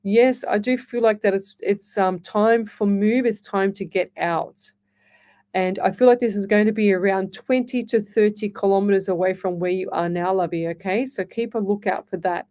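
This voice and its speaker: Woman, radio psychic host; easygoing, reassuring chat, soft dark tone. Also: mid-range voice, fairly even intonation, moderate pace. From Australia. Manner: chatty, reassuring, calls listeners lovey; reads listener comments aloud. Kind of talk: live call-in readings.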